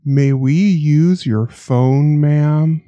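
A woman voicing an eerie black-eyed boy who speaks with slow, smooth menace. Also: low voice, mellow, no room sound, highs cut off, voice pushed down. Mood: eerie calm.

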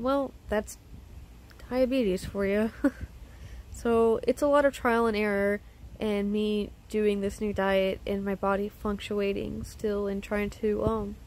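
A woman vlogger talking to camera in a personal video diary, close to tears, halting with many pauses and restarts. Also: mid-range voice, gravelly, darkish tone, a little hiss or hum, low-quality recording.

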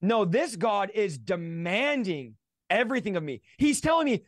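A man's voice: high-pitched, animated, moderate pace, dry recording, clean studio sound. A man earnestly telling a personal conversion story as an interview guest, repeating key phrases for emphasis.

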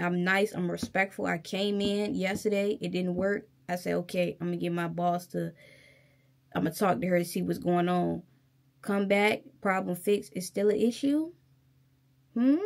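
A woman's voice: mid-range voice, vocal fry, a little mellow. A young woman with a Virginia accent vents to camera in a casual vlog. She tells her story with heated emphasis, talking straight to her viewers. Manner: heated, emphatic, addresses viewers directly as y'all. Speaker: vlogger.

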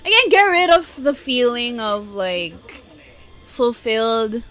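High, lively-voiced woman reacting. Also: slow. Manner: chatty and emotional, with frequent laughs and fillers. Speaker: anime reaction channel host. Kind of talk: casual reaction commentary. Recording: faint music behind.

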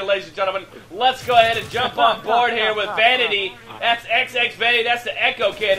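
A man giving excitable, profane, joking play-by-play commentary over an online shooter match. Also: high-pitched, fairly quick, hardly any pauses. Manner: excitable, hyped, laughing, swearing freely. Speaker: gameplay shoutcaster.

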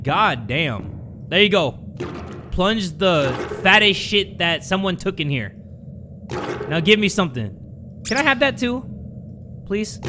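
A young man playing a horror game on video. He narrates it with comic panic, swears a lot and yells when scared. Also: sits high, background noise. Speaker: gaming YouTuber. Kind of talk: let's play commentary.

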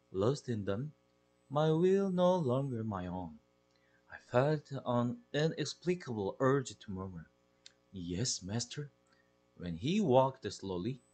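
A man with a Korean accent reading a children's novel aloud with expressive, deliberate delivery. His voice is husky, and his pitch moves in lively swings to carry the story. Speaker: English teacher.

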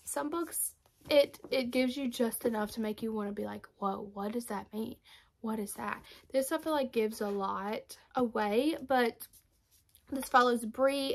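A young woman vlogger recommending romance books to camera in a gushing, emotional, casual way. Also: fairly high pitch. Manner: gushing, emotional, fast and animated. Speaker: book vlogger.

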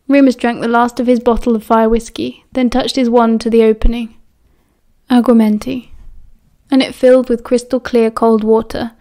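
A woman reading a story aloud as an audiobook narrator in a quiet, even way. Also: fairly high pitch, normal speed. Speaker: audiobook reader.

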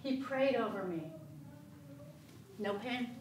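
A woman giving an animated testimony and teaching in a Sunday school class, speaking emphatically in a church room. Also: a little high, takes it slowly, a little hiss or hum. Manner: animated, emphatic storytelling with laughs. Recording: echoey room, far from the mic.

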